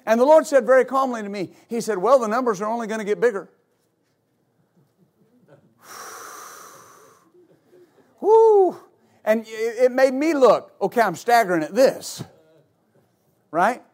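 A male pastor preaching a sermon, rising into repeated, shouted exhortations to his congregation. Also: extremely high pitch, a little fast. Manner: builds to shouted, repetitive exhortation.

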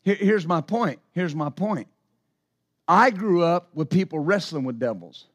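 A man preaching a sermon, telling stories in an animated way with sudden exclamations. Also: a little high, unhurried. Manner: animated storytelling with bursts of exclamation. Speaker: pastor.

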